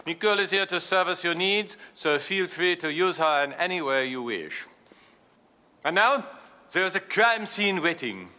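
Inspector Clouseau, pompous French bumbler. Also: male voice, high voice, moderate pace, exaggerated voice. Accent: put-on French. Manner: mangles his R's, deadpan self-important. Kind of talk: film comedy clip.

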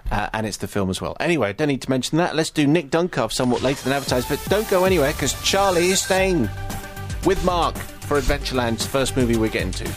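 A man presenting a live radio show, reading listener messages and news updates in a brisk, wry manner. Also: medium pitch, animated, faint music behind. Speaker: radio host.

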